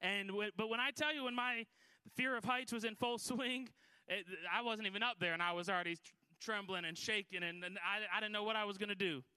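A man's voice: sits high, fairly even intonation, brisk, pushed and bright, clean tone, no echo. A middle-aged man from Michigan preaching as a guest at a Pentecostal church, telling a folksy, self-deprecating story with many restarts. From Michigan, USA. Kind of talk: Pentecostal sermon with personal story.

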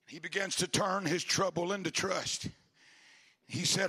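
A man preaching a Pentecostal sermon, moving from quiet, halting talk to shouted, impassioned calls. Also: sits high, husky. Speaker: pastor.

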